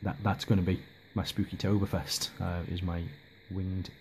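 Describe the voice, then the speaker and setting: A man's voice: low voice, little pitch movement, moderate pace, darkish tone, a little hiss or hum. A man giving a casual, rambling hobby update, hesitant with lots of ums and restarts. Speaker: miniature hobby vlogger.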